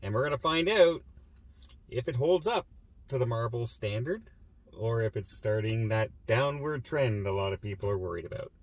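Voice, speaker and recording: Man, movie review host, casual chat, mid pitch, dry close mic. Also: animated, moderate pace, dry recording.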